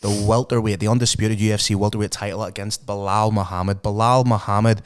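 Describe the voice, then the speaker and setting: Smooth-voiced man chatting fights. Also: lowish voice, flat delivery, fast. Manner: enthusiastic, sweary, previewing fights. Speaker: podcast co-host. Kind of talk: casual chat about MMA.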